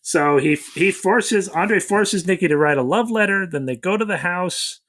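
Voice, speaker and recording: A man's voice: high voice, moderate pace, a bit bright, no echo. A man co-hosting a casual podcast, wryly recapping a movie plot. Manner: wry, recaps the plot with mocking quotes. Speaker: podcast co-host. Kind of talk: casual chat.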